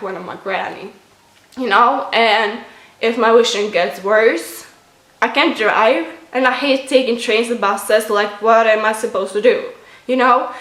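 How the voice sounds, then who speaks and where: Young Swedish woman, casual vlog chat full of fillers, middle pitch, roomy recording. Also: fairly bright tone. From Sweden. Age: 20s. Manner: chatty, many fillers like "like" and "you know". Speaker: vlogger. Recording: roomy echo.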